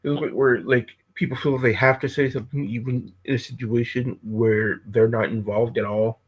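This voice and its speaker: A man's voice: mid-range voice, little pitch movement, moderate pace, slightly rough, poor audio. A man from Pennsylvania co-hosting a podcast, level and matter-of-fact. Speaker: podcast co-host. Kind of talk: casual commentary.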